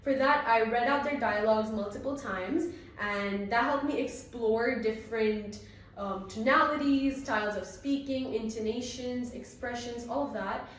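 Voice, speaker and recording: A woman's voice: a little high, unhurried. A teenage girl taking a drama exam, speaking earnestly with some ums as she reflects on her performance. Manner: earnest, rehearsed, with frequent ums. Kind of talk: exam recitation and spoken reflection. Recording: very echoey room, from a distance.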